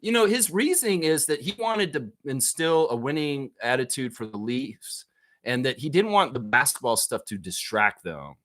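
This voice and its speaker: A man hosting a live basketball stream, chatting casually and reacting excitedly to viewer comments. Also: mid-range voice. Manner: animated, excitable, quick to laugh at his own bits. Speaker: livestream basketball show host.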